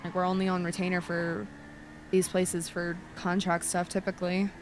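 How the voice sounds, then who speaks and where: A woman's voice: lowish voice, completely flat delivery, moderate pace, background noise. A woman chatting in character as a roleplay lawyer, rambling through a story with lots of fillers.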